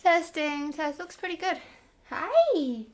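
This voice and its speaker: Cooing at her dog and issuing commands, a young woman hosts an online party for him over a webcam call from home. She speaks slowly in an extremely high voice with big pitch swings, and there's slight background noise.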